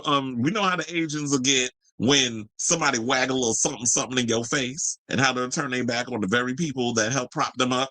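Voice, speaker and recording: Sassy guy ranting gossip on a podcast, bright voice, swears a lot, dry close mic. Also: brisk, few pauses, no echo, low-quality recording. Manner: brash, profane and sassy, jumping to high exclamations. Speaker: podcast host. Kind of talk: unscripted celebrity gossip commentary.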